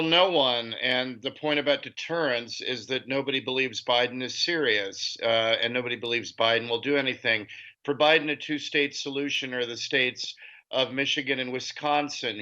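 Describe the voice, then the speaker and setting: A man speaking as a guest author in a political interview, delivering his points in a forceful, scornful way. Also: medium pitch, steady tone, moderate pace, muffled recording. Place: lives in Europe.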